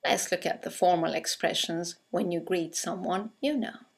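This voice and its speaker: A woman narrating a scripted English conversation lesson, reading example greetings aloud with slow, clear delivery. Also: lowish voice, steady tone. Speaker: English teacher.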